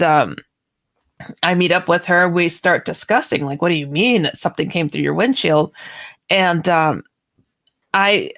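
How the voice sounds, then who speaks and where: A woman author, a guest on a radio interview, telling a personal story and acting out the dialogue. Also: on the low side. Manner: animated storyteller who acts out quoted dialogue.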